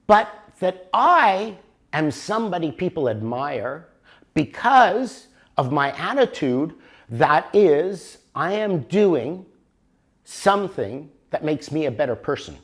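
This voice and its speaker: An older man teaching a motivational workshop, animated and always checking for agreement with the audience. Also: on the high side, takes it slowly. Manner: animated, keeps asking for agreement. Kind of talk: workshop lecture.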